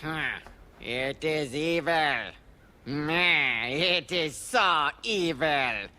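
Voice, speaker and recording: A man doing a slow, dim villain. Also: fairly high pitch, expressive, bright, forceful tone, heavily acted. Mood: gloating. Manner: very slow, drawn-out and deliberate. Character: slow, dim-witted male villain gloating over evil.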